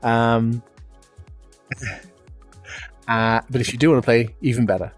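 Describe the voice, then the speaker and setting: A man's voice: mid-range voice, little pitch movement, a little slow, no room sound, soft background music. A British man streaming live, chatty and self-deprecating, laughing often as he talks to viewers. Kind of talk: casual live-stream chat.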